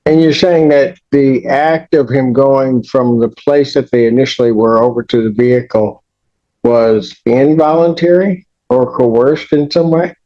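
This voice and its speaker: A man presiding as judge over a courtroom hearing, brisk and procedural, cutting in with questions. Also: medium pitch. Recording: dull courtroom audio.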